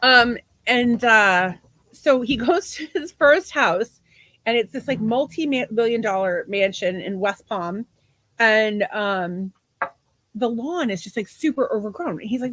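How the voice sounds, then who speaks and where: A woman's voice: on the high side, expressive, a little slow, fairly bright tone, dry recording. Chatty laughing woman in her forties. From half Portuguese. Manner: chatty, laughs often, swearing. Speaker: podcast co-host. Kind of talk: casual livestream chat.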